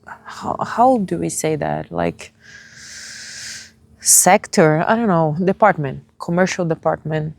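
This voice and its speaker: Young woman vlogger, English, low fry-edged voice, very slow and halting. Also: huge pitch swings, a little mellow, no echo. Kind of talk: personal confessional vlog.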